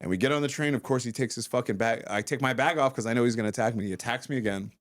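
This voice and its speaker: A man in his thirties telling a story in casual chat, animated and swearing, acting out quotes loudly. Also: mid-range voice, racing. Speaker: podcast guest, former fighter turned comedian.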